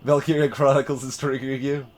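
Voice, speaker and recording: A man's voice: mid-range voice, little pitch movement, fast. A man streaming a story game, reading its narration aloud and chatting in a self-deprecating way.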